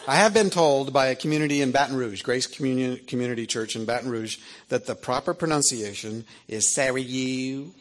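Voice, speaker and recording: A man in his fifties, an author telling a story to an audience in an animated, chatty way, often checking in with "right?". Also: mid-range voice, fairly quick, hardly any pauses, a little hiss or hum. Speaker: author and speaker.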